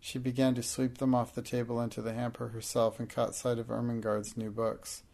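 A man narrating an audiobook in a steady, measured way. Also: medium pitch, gravelly.

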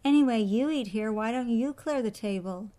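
A woman's voice: fairly high pitch, moderate pace, warm tone, lightly acted. A woman reading a storybook aloud, voicing a sulky, impudent little girl who talks back in a defiant, sassy way.

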